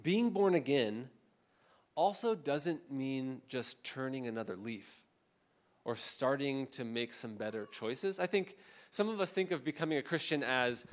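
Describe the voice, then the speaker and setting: Animated, conversational male pastor preaching. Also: mid-range voice, a little slow. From Southern California. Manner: conversational, animated, acts out quoted voices. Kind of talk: sermon. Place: church.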